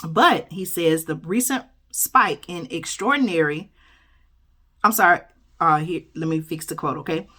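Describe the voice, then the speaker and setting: A woman with a deep, sharp-toned voice speaks a little slowly as a YouTube host reading a news article aloud. She's chatty, commenting as she goes, constantly tacking on "okay?" and "y'all," and stumbling then correcting her slips.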